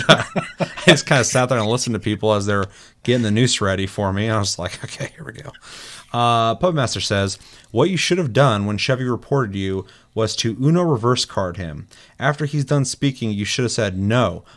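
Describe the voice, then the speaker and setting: A man hosting a casual chat show, telling a gaming story with laughs and swearing. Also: fairly low pitch. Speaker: podcast host.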